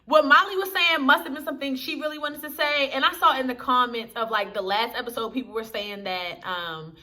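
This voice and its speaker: Bright, high-voiced chatty young woman. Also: brisk. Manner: chatty, slangy, talks straight to viewers. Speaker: TV episode reviewer. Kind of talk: casual chat to camera.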